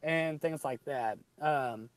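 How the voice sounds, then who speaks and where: A man's voice: a little high, slow, dry recording. Southern American man, rambling casual chat. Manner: rambling, many ums and restarts. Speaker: podcast co-host.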